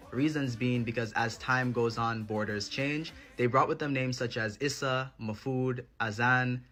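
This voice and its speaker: Male narrator, mid-pitched, measured documentary read. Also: fairly bright tone. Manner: measured, informative. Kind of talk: scripted narration.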